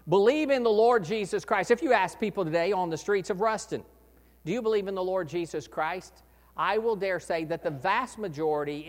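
A man preaching a sermon as pastor, earnest, swelling to loud emphasis and dropping low again. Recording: echoey hall reverb.

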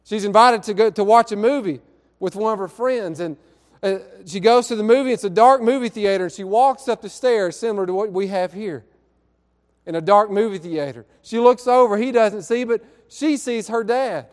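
A man preaching a sermon, telling a story in an earnest way and drawing out key words slowly. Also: high voice, in a large hall. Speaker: pastor. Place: church sanctuary.

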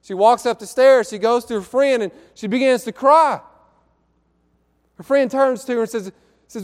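A man preaching a sermon, telling a story in an earnest way and drawing out key words slowly. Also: extremely high pitch, in a large hall. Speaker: pastor. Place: church sanctuary.

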